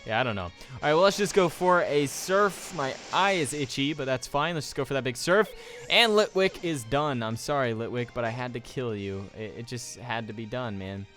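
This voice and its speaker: A man's voice: mid-range voice, animated, moderate pace, fairly bright tone. A young man casually commenting on his gameplay, rambling and joking as he goes. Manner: rambling, joking, reads game text aloud. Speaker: let's play commentator. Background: faint game music.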